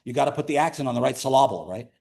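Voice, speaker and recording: A man in his fifties giving a classroom calculus lecture, lively and conversational with playful asides to students. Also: mid-range voice, racing, creaky. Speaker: math lecturer.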